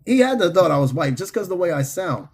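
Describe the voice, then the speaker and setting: NYC-accented male streamer, slightly raspy and a touch high, loose and profane, reads chat and cracks up. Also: quick pace. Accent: New York City. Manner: animated, profane, laughs often. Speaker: host. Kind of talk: casual livestream chat reading viewer comments.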